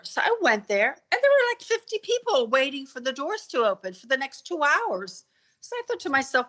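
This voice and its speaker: A woman's voice: sits high, very animated, a little fast, a bit bright. A woman telling a personal story as a podcast guest, vivid and earnest, stumbling over repeated words when moved.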